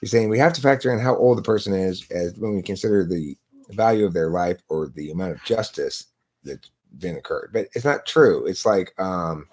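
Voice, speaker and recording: A man hosts a live stream from his laptop, his voice low-pitched and a little mellow at a moderate pace. He argues in a lecturing style about philosophy in a casual way, posing rhetorical questions to himself along the way.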